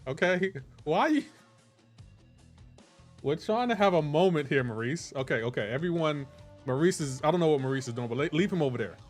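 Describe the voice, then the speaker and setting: A man's voice: on the high side, lively intonation, brisk, soft background music. A man streaming a game live and chatting with his viewers, playful and teasing, with mock-offended banter. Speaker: livestream gamer. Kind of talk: casual chat with live chat viewers.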